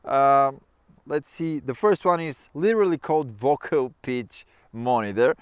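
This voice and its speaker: Chatty man with a smooth voice. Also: mid-range voice, measured pace, no echo. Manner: relaxed, chatty, non-native phrasing. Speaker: ukulele teacher. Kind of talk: casual tutorial explaining.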